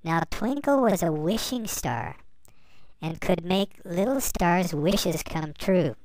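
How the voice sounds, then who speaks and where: A woman reading a bedtime story aloud to young children, gently and slowly. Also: lowish voice, lively intonation, no echo, rough recording. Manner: gentle, slow, addressing children.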